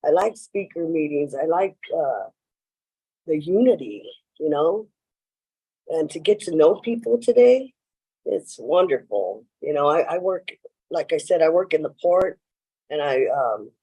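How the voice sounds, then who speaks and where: Deep and mellow, slightly rough, this woman's voice is very animated yet measured as she shares her story at a recovery meeting. She rambles, says "you know" often and acts out quoted lines from people in her stories, all in a meeting room with poor audio.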